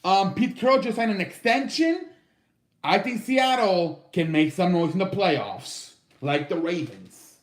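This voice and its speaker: On his own show, a man casually ranks football teams, loose and profane, with plenty of filler words. His voice sits high and has a sing-song, unhurried lilt, and the room sounds echoey.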